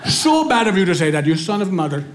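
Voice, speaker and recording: A man's voice: high-pitched, sing-song, fast talker, reverberant, noisy background. A comedian putting on an upset, lecturing Indian man with an Indian English accent. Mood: indignant. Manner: lecturing, offended, formal phrasing. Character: upset middle-aged Indian man, indignant.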